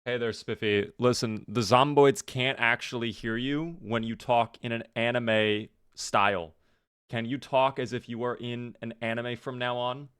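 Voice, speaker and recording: A young man commentating his live game stream, excitable and reactive, often thanking viewers. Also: medium pitch, a little slow, clear, resonant tone.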